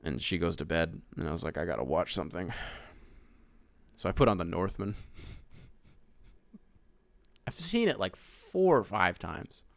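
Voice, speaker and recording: A man hosting a podcast, ranting casually and profanely about movies, with loud outbursts. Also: low-pitched, very animated, a little slow, vocal fry, long pauses, no echo. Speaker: podcast host. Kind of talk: casual solo rant.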